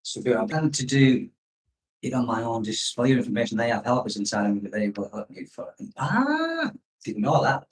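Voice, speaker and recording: Speaking fairly quickly in a lowish voice with fairly even intonation, a man rambles through a casual expat livestream, pausing to read out and answer viewers' comments. It's relaxed and unscripted, recorded in low quality on a distant mic.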